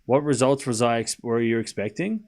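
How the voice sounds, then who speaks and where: A man's voice: mid-range voice, animated, normal speed, darkish tone. A man hosting a live tennis watchalong stream, rambling casually, tossing rhetorical questions and sarcastic asides to his chat between score calls. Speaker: stream host and tennis commentator. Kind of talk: casual livestream commentary.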